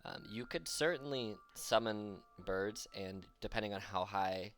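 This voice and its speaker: A man acting as game master, narrating a tabletop game slowly with many pauses and fillers. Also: lowish voice, a bit bright. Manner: slow, halting narration with fillers.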